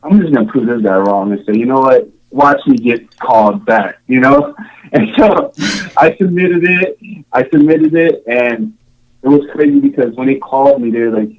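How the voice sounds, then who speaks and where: A man's voice: mid-range voice, big pitch swings, moderate pace, highs cut off. A man from Samoa, a podcast guest, recounting his story in a casual, rambling way with many fillers and restarts. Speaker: podcast guest, show contestant.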